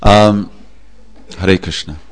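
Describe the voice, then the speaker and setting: A man preaching a sermon, telling a story with a relaxed, anecdotal manner and frequent pauses. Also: sits low, clean tone. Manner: anecdotal, with fillers. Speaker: religious preacher.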